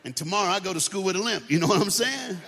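Guest preacher, man, higher voice, playful and animated, works the crowd, long hall reverb. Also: quick pace, a little hiss or hum. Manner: animated, playful, audience call-and-response. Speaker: guest speaker. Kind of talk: comedic motivational storytelling talk. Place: large church auditorium with balcony.

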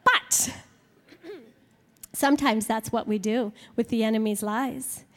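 A woman teaching a sermon to women, slow and emphatic, with playful acted-out examples. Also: on the high side, a little mellow, long reverb tail.

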